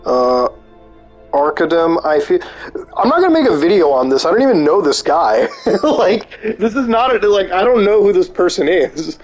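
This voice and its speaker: A man's voice: high voice, big pitch swings, normal speed, faint music behind. A man streaming live, reading posts aloud and reacting with disbelief and swearing. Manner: incredulous, swearing, reacting out loud.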